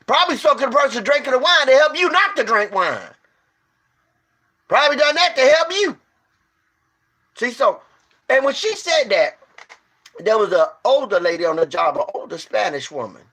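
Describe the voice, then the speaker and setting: This man preaches informally through a story, expressive and at a moderate pace with frequent pauses. He speaks emphatically, repeats rhetorical questions, stumbles on restarts, and swings from low to loud.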